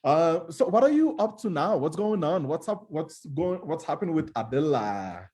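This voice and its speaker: Husky-voiced playful man hosting a live show. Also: fairly high pitch, very animated, moderate pace, a little mellow. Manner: playful, teasing, upbeat. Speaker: show host. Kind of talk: casual live-stream hosting.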